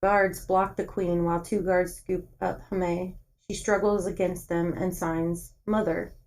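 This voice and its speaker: A woman's voice: fairly low pitch, level tone, a little slow, a little mellow, poor audio. Woman co-host reading a book aloud. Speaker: podcast co-host.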